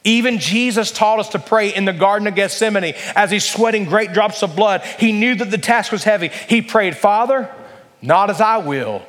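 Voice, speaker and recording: A male pastor delivering an earnest, emphatic sermon, slowing and speeding up for emphasis. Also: sits high, a bit bright. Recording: long hall reverb.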